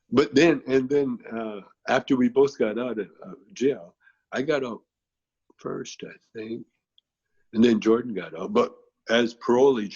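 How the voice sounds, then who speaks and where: Gravelly, laid-back male storyteller. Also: fairly low pitch, darkish tone, muffled recording. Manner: laid-back, frequent filler phrases. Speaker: guest, actor and comedian. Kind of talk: rambling interview storytelling.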